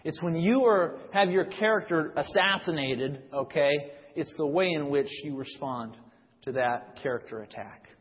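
A man's voice: fairly high pitch, moderate pace. A young adult man preaching a sermon, talking conversationally with frequent restarts and reading scripture with rising emphasis. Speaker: pastor. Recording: dull sound with long reverb in a hall.

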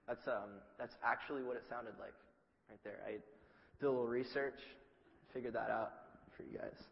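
A male preacher giving a sermon, telling the story in a lively, humorous way with acted-out asides. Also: mid-range voice, moderate pace, gravelly, long reverb tail, lo-fi sound.

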